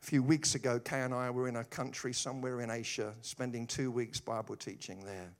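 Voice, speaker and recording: A man preaching a humorous sermon, telling stories with animated delivery and quick asides. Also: mid-range voice.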